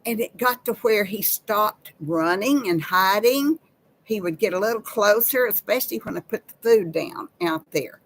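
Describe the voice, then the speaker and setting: A woman's voice: medium pitch, expressive, normal speed, a little hiss or hum, low-quality recording. A woman, hosting a casual live chat with viewers in a folksy, chatty way. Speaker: live-stream host.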